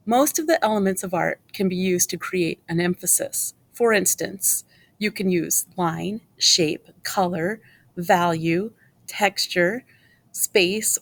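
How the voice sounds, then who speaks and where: A woman teaching an art lesson in scripted narration, explaining clearly and asking viewers questions. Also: lowish voice.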